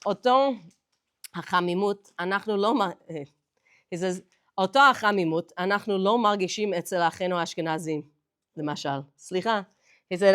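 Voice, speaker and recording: A woman teaching a lively class, animated and emphatic, moving between languages in a synagogue hall. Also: medium pitch, quick pace.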